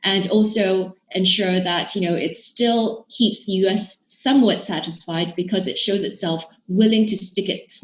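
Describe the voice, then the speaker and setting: A woman guest expert giving measured podcast interview answers, with frequent fillers and restarts. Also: lowish voice, echoey room.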